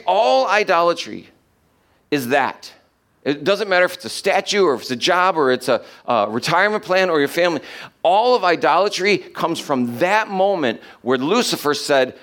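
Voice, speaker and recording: A man preaching a sermon, reading scripture aloud and explaining it, slowing down to stress key verses. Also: a little high, expressive, fairly bright tone. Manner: emphatic, slows down to stress quoted verses.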